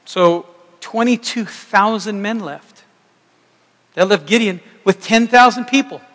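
A man's voice: sits high, a little slow, a bit bright, in a large hall. A middle-aged man preaching a sermon as pastor, conversational and joking, with rambling restarts.

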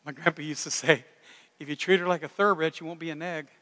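A man preaching a sermon in a folksy, animated way, breaking into loud shouted impressions. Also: on the high side, fast talker, in a large hall. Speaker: pastor.

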